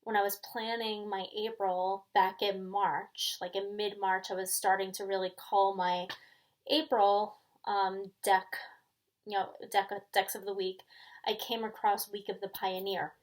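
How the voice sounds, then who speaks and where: A woman's voice: medium pitch, level tone, measured pace, low-quality recording. A middle-aged woman from New York with a New York accent, hosting her tarot channel in casual, rambling chat full of ums and likes.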